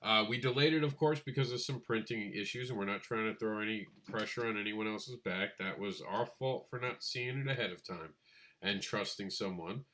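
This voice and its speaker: Lively and laughing readily, a man co-hosting a podcast chats casually about crowdfunding for comic books, now and then doing impressions of others in a high-pitched voice.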